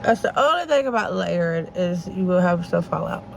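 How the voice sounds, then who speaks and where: A makeup vlogger chats casually straight to her viewers while doing her makeup at home in a get-ready-with-me video, with children around. Her fairly low voice is animated, brisk and creaky, over a noisy background.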